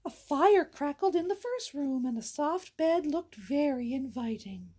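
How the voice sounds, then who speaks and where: A woman's voice: high-pitched, lively intonation, unhurried, mellow. A woman reading a fairy tale aloud in a playful way, breaking off for goofy asides and sound effects. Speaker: storyteller. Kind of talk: storytelling read-aloud.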